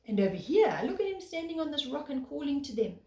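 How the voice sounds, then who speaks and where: A woman, a preschool teacher, telling a picture-book story to young children in a gentle, sing-song way, pausing to point at the pictures. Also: high voice, big pitch swings. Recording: echoey room, faint background noise.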